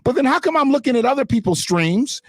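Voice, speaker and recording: A man's voice: very high voice, sing-song, fast talker, no room sound. Fiery, profane man ranting on a livestream. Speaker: livestream host. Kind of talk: heated unscripted livestream rant. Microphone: desktop streaming mic in front of a green screen.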